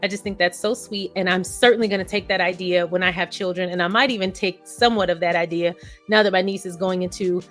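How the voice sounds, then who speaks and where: A woman's voice: on the low side, fairly even intonation, quick pace, a bit bright, soft background music. A woman vlogger giving casual, effusive reaction commentary, chatty and laughing often.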